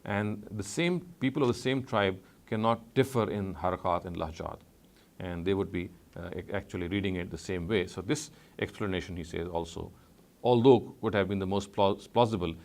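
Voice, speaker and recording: Measured, low-voiced male lecturer. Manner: measured, frequent "uh" pauses and self-corrections. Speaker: Islamic studies lecturer. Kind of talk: scholarly lecture.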